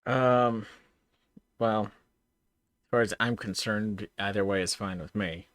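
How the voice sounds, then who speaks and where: A man's voice: lowish voice, takes it slowly, fairly bright tone, no room sound, clean studio sound. A man talking casually as a player in a tabletop role-playing game, self-deprecating and prone to laughter and stammering.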